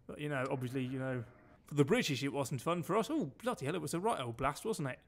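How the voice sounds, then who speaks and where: Talking fast in a voice on the high side, a man from Denmark streams a game with casual, chatty commentary. He swears freely and shouts orders at his crew.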